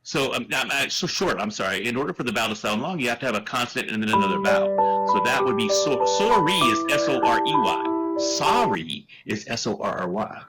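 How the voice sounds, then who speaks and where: A man's voice: medium pitch, animated, fast, loud music behind the voice, rough recording. A man from the United States with a slight Texan accent, chatting casually on a podcast, joking and going off on tangents. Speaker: podcast guest.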